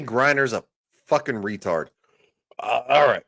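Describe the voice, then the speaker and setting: A man's voice: medium pitch, expressive, a little slow, creaky, a bit bright, no echo, clean studio sound. A man hosting a livestream, ranting sarcastically and crudely, often reading out viewers' chat comments. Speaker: livestream host.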